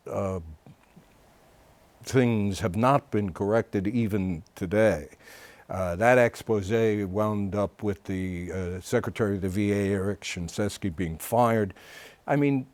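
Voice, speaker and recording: A man hosting a TV interview, asking a long, measured question with some hesitation. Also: on the low side, a little mellow, no echo. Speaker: TV interview host. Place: TV studio.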